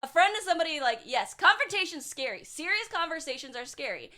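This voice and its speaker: A woman's voice: sits high, very animated, fast talker, pushed and bright. A young woman streaming as a VTuber, chatting casually and bluntly with her chat, swearing and sarcastic, full of filler words.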